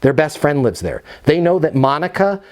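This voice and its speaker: A middle-aged man giving an energetic, emphatic sales training talk, sometimes acting out both sides of phone calls. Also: a little high, normal speed. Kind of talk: instructional talk with role-played phone calls.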